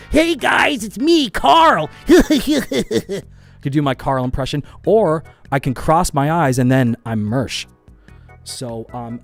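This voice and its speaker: A man with a mid-range, darkish voice hosts a casual live stream from a home studio with lights, speaking into a studio microphone. He reads chat aloud and rambles, swearing often and poking fun at himself.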